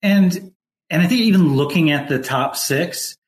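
A man co-hosting a casual podcast chat, talking in a relaxed way with plenty of fillers and restarts. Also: on the high side, a little slow. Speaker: podcast co-host.

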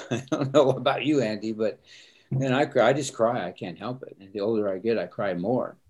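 A man's voice: medium pitch, moderate pace, a little mellow. An older man, a pastor, talking earnestly and openly about feeling, with an easy laugh in a candid interview.

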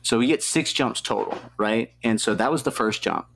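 A man's voice: medium pitch, normal speed, gravelly, a bit bright. A young man, an athlete guest in an interview, telling a story in a casual, rambling way, swearing freely and leaning on filler words. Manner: profane, loose, heavy on filler words.

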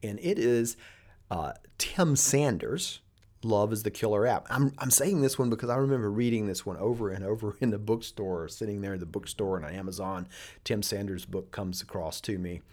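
A middle-aged man with a fairly low voice speaks in a loose, conversational monologue about his business. He tells stories the way people do in everyday talk, backing up and restarting his sentences as he goes. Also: moderate pace, a little mellow. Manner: conversational, storytelling, frequent restarts. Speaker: business podcast host. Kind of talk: casual monologue.

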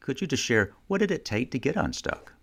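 A male podcast host asking interview questions in a measured, thoughtful way with some filler sounds. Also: mid-range voice, very animated, gravelly, fairly bright tone.

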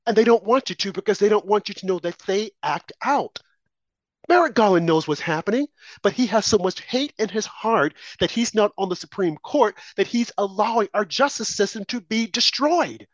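A man's voice: high-pitched, animated, moderate pace, no echo, highs cut off. A man co-hosting a political talk show, delivering impassioned, preachy commentary full of rhetorical questions and warnings.

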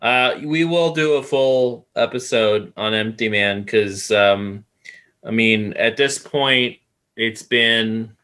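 A man co-hosting a podcast in casual chat, halting and full of fillers. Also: on the low side, sharp tone. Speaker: podcast co-host.

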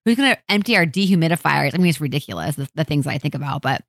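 A woman's voice: deep voice, expressive, racing, no echo, studio quality. A woman in her thirties co-hosting a podcast, chatty, thinking aloud and laughing easily. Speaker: podcast co-host. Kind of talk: casual chat.

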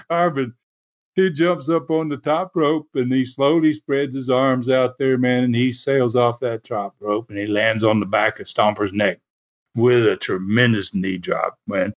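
A man's voice: mid-range voice, measured pace. Man telling a chuckling wrestling story. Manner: animated, chuckling, fillers like "man". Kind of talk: casual storytelling. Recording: dull lo-fi recording.

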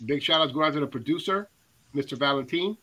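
A man's voice: on the high side, fast, pushed and bright, poor audio. A man hosting a casual music panel, enthusiastic and chatty with frequent fillers. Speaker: radio countdown host.

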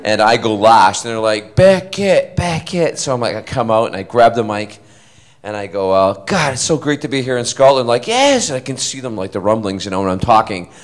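A man telling animated, self-deprecating stories on a convention panel, speaking into a handheld mic on stage. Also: fairly low pitch. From Canada. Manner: animated, self-deprecating, quick to act out voices. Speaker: guest actor on a convention panel. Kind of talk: anecdotal storytelling to a live audience.

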